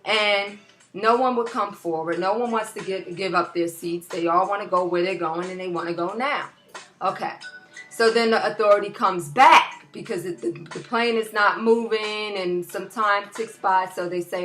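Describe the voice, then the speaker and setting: A woman vlogging a casual opinion rant into a laptop, animated and rambling with many restarts. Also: medium pitch, normal speed, soft background music. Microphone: laptop built-in mic.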